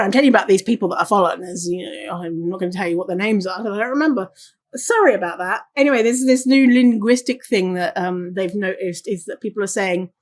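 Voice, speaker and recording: A woman hosting a solo podcast, talking casually and reading listener stories aloud. She swears freely and laughs often. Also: mid-range voice. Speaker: podcast host.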